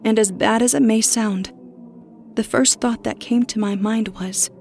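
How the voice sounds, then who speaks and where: A woman reading a first-person horror story as narrator, steady with a tense edge. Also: on the high side, a little slow, creaky, soft background music.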